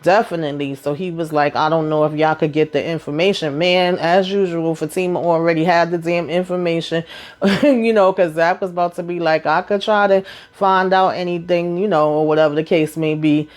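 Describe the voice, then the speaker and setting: A woman, chatting through a TV episode recap. She retells scenes in a loose, animated way, jumping into the characters' lines and leaning on fillers as she goes. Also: on the low side, brisk. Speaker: TV recap host.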